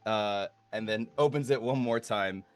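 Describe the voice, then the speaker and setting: A man running a tabletop game as game master, narrating in a halting way with many fillers. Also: fairly low pitch, music in the background.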